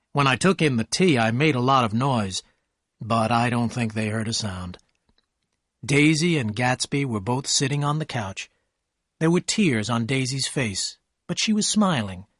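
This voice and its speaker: A man narrates a scripted story in a steady, measured reading voice of medium pitch. The recording is studio quality, without room sound.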